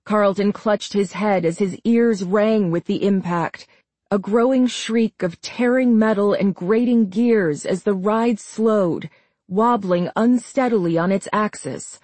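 Slow-reading female audiobook narrator. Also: medium pitch, darkish tone, no room sound. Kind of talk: scripted narration.

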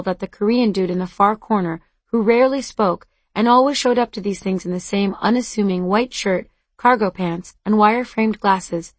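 A woman's voice: medium pitch, dry recording. A woman reading a first-person novel aloud in an earnest, conversational storytelling voice. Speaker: audiobook narrator. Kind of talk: first-person scripted narration.

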